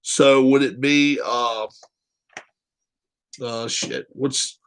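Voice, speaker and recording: A man's voice: mid-range voice, fairly even intonation, extremely slow, smooth. A man hosting a casual live chat show, reading viewer comments aloud and teasing them with frequent laughs.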